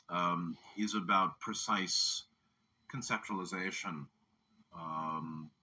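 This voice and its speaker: A man delivering a late-night spiritual lecture, his voice low and his pace unhurried. He speaks in a measured, careful way with hesitant pauses, and his tone comes through bright and crisp. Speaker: lecturer and counselor. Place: in Thailand.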